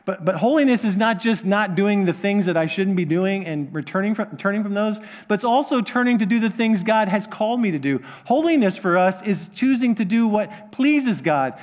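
Male pastor, high voice, earnest sermon delivery, stumbles and restarts, drops to a hush then builds to emphasis. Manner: earnest, repetitive preaching with many restarts; swings between hushed lows and emphatic highs.

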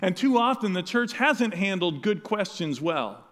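Animated man preaching in a reverberant hall. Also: high voice, a little slow. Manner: animated, acts out quoted dialogue. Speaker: pastor. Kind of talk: sermon.

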